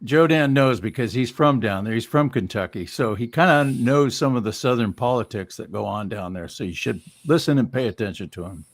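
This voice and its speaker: A man's voice: medium pitch, brisk, hardly any pauses. A man hosting a live stream in an easygoing, laid-back way about his own cartoons. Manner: easygoing, laid-back, short agreeing replies. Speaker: cartoonist and show host. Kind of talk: casual live stream talk.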